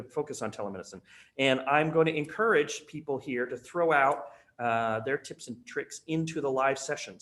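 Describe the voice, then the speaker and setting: A man's voice: mid-range voice, a bit bright. Chatty male webinar presenter. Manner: casual, chatty, many fillers. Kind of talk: conference webinar talk.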